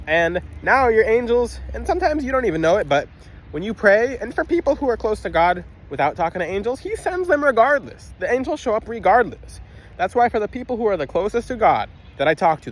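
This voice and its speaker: A man casually talking to a phone camera outdoors, emphatic and rambling, with frequent restarts. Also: high voice. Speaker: spiritual video host.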